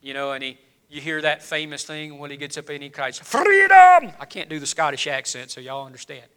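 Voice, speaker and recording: A preacher with a high, bright, ringing voice delivers a sermon in church. He drops to low, hushed phrases, then climbs back to loud, urgent appeals. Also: little pitch movement, fast, clean tone. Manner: preaching with rising and falling intensity, dropping low then building loud. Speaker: pastor.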